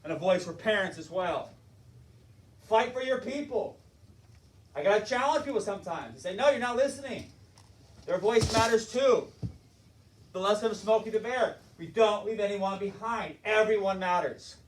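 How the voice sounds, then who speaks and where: An impassioned man delivering a motivational leadership talk, his voice pitched high for a man. He acts out his story with feeling. The sound is roomy and picked up from a distance. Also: moderate pace. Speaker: motivational speaker, school board member.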